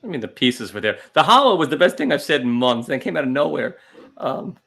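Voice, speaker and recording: A man's voice: mid-range voice, sing-song, quick pace, vocal fry, fairly bright tone. A man co-hosting a casual comedy podcast, rambling through self-deprecating jokes. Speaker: podcast co-host.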